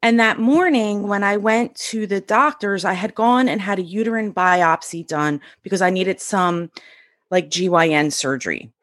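A middle-aged woman from the US East Coast, a podcast guest telling a personal story in a sassy, high-strung, energetic way, acting out quoted lines with big pitch jumps. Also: normal speed, dry recording, studio quality.

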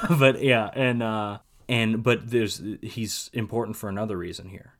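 A man with a low voice talks through a film in a loose, chatty podcast style. He rambles, laughs often and breaks into animated asides as he goes. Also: a little slow. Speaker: podcast co-host. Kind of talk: casual film discussion.

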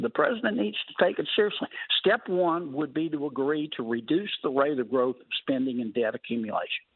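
A man's voice: mid-range voice, husky, no room sound. A man, a senator guesting on a talk radio show, talking in a folksy, wry way with colorful sayings. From Louisiana. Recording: phone-line call-in.

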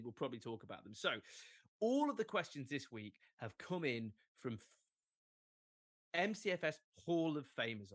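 A man's voice: medium pitch, no echo. A man co-hosting a casual football podcast, playful and laughing often as he tells stories and reads listener questions. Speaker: podcast co-host.

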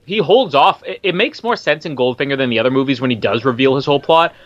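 A man's voice: mid-range voice, lively intonation, a bit bright, dry recording, lo-fi sound. An Australian man co-hosting a film commentary podcast, playful and casual, fond of quoting lines. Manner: playful, quick to quote lines and laugh. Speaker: podcast co-host.

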